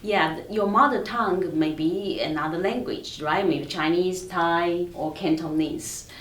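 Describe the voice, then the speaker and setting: Woman prof with a non-native accent, soft and measured, really low voice, far off, echoey. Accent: non-native English. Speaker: professor. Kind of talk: panel discussion. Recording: roomy, distant, faint room noise.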